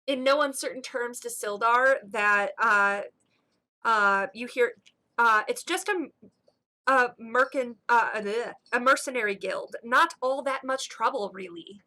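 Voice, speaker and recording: A woman's voice: fairly high pitch, unhurried, pushed and bright. A woman narrating a tabletop game as game master, hesitant and full of fillers.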